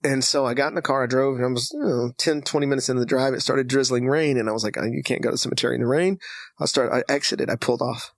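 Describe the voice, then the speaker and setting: A Texan man appearing as a podcast guest tells a personal story, animatedly acting out the voices of the people in it. His voice is mid-range and very fast, with no room sound.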